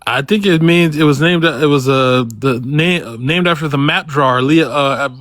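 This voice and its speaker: A man from the United States, a caller on a live stream, calmly and persistently questioning the host. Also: on the high side. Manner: calm, persistent questioning, asks to slow down.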